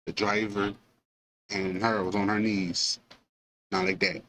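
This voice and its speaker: A man casually retelling a film scene for a movie review, with animated storytelling full of fillers and asides. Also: fairly low pitch, unhurried, noisy background.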